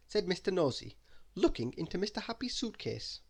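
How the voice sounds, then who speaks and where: A man reading a bedtime story aloud in an expressive, lively way. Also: mid-range voice, moderate pace.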